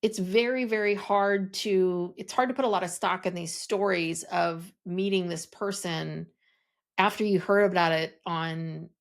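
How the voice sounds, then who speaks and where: A woman's voice: lowish voice, steady tone, unhurried. A woman co-hosting a podcast in casual chat, rambling and hesitant with many restarts. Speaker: podcast co-host.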